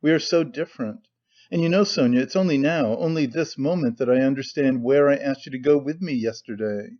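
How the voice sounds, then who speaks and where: A man's voice: medium pitch, a little fast, darkish tone, lightly acted. A man playing a bitter, tormented young man who speaks wearily and breaks into despair, in a slightly muffled recording. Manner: weary, brooding, bursts of despair.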